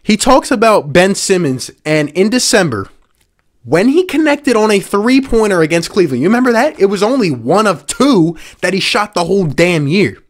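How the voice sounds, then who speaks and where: A man's voice: sits high, very animated, normal speed. A man from the Philadelphia area hosting a sports show, ranting with sarcastic exasperation and repeating points for emphasis. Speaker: sports podcast host. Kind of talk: angry sports rant.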